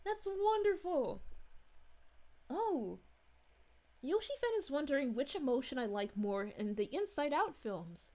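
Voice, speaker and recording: A woman's voice: high voice, big pitch swings, measured pace, long pauses, darkish tone. A woman voicing a cheerful, motherly space princess, reading live-stream chat in character with bubbly, giggly, gushing thanks.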